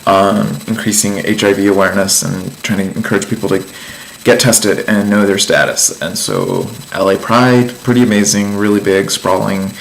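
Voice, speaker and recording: A man's voice: lowish voice, expressive, moderate pace, vocal fry, a little hiss or hum, poor audio. A man giving a casual vlog life update, telling a story in a chatty, meandering way with lots of ums and likes. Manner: amused storytelling. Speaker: vlogger.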